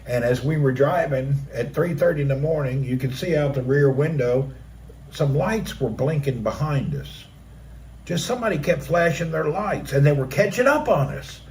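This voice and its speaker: A middle-aged man tells a story on his own live stream, his voice sitting noticeably high for a man. He narrates in an animated way and punches up the action with vocal sound effects. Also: moderate pace, slight background noise. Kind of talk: dramatic personal storytelling.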